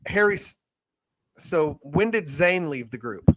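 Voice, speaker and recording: Excitable podcast co-host, man, high and swooping voice. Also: takes it slowly, dry recording. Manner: excitable, gushing. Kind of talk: casual chat.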